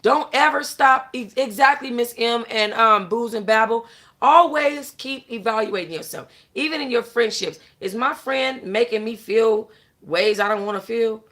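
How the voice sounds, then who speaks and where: A woman's voice: a little high, moderate pace, fairly bright tone. Young woman host going off to her viewers, cussing a lot, keeps saying you know what im saying. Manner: blunt, profane, lecturing, repeats "you know what I'm saying"; talks straight to the audience, answers chat. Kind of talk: casual chat to viewers.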